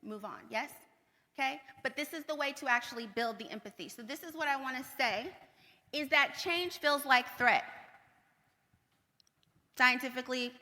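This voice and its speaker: A woman giving a conference keynote talk, energetic, repeating points for emphasis and checking in with the audience. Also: high-pitched. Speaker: keynote speaker. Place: large conference hall. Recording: long hall reverb.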